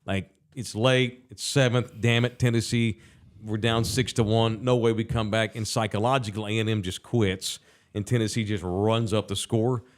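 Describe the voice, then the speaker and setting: A man's voice: on the low side, fairly even intonation, normal speed. A middle-aged man, co-hosting a sports podcast and telling rambling, profane stories. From Texas. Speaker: podcast co-host. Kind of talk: casual sports talk. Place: bar studio.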